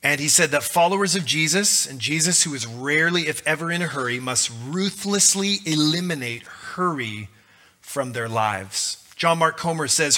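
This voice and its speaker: A man's voice: fairly high pitch, expressive, normal speed, bright, forceful tone. A male pastor giving a conversational, joking sermon.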